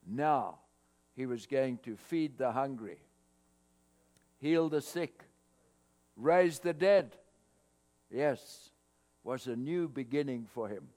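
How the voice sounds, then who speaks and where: Male pastor preaching slow n deliberate, bit of hum in the background. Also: medium pitch. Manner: expressive preaching, rising loud on scripture quotes. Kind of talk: sermon. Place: church hall, cold morning. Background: mains hum.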